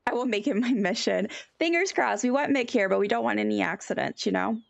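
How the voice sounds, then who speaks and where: Giggly animated woman streamer, gravelly edge. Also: a little high, a little fast, dry recording, highs cut off. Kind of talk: casual live-stream chat.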